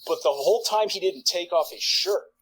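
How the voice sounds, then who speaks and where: A man in his forties, a podcast guest, telling a long profane anecdote in a rambling way full of "like" and quick laughs. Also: high voice, fairly bright tone, breathy edge, rough recording. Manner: rambling, profane, filler-heavy, laughs mid-sentence. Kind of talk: casual storytelling anecdote.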